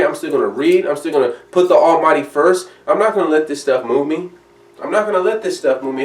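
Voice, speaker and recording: A man preaching a sermon in an emphatic, conversational way, reading scripture aloud. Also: on the high side. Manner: emphatic, conversational preaching, reads King James verses aloud. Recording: echoey room from a distance.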